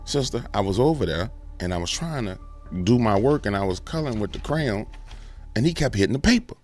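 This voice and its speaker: A defensive little schoolboy stammers through his excuses in a high, whiny voice, as a man puts him on. The pitch jumps around a lot. He pleads his case to a stern nun. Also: expressive, fairly quick, a little mellow, faint music behind.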